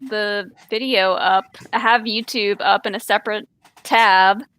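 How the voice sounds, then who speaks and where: A woman's voice: medium pitch, fairly even intonation, a little slow, fairly bright tone, clear, resonant tone. A woman co-hosting a podcast in casual chat, friendly and encouraging. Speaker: podcast co-host.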